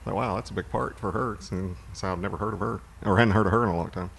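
Male co-host, very low voice with fry, relaxed and rambling, faint noise behind. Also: fast. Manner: rambling, relaxed movie recaps with fillers. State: hiccuping. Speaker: podcast co-host. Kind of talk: casual chat.

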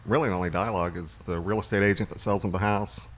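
A podcast co-host with a low voice and fairly even intonation talks fast, rambling through movie recaps on a casual talk show with plenty of fillers. He is hiccuping throughout.

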